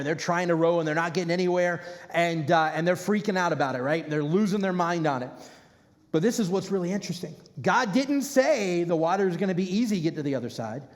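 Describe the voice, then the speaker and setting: A man preaches to his congregation in a relaxed, chatty way, breaking into lively bursts. His voice sits fairly high for a man. Long reverb from the hall trails behind every phrase. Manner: casual, conversational preaching with animated bursts. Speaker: rabbi. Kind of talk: sermon.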